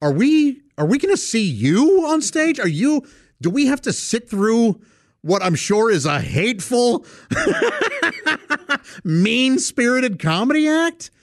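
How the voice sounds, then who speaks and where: Incredulous, indignant theatergoers, as a man puts them on, pitched up and a little louder. The questions come out disbelieving and lively, in a dry, close recording. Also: takes it slowly, dry recording, heavily acted. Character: incredulous theatergoers, group of adults.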